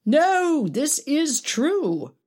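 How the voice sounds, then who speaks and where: A woman's voice: sits high, sing-song, drawn-out words, a little mellow, voice pushed up, exaggerated voice. A woman voicing an older male stage actor, a sardonic veteran who gossips and mocks in a storybook reading. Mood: mocking. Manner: mocking, gossipy.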